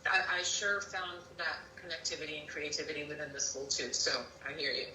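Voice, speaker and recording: Woman co-host, low pitch, sharp bright tone, echoey room, voice off-mic. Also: a little fast, far from the mic, a little hiss or hum. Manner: reads comments aloud, chatty. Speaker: co-host reading viewer comments. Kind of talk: live-stream talk. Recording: roomy sound from off-mic.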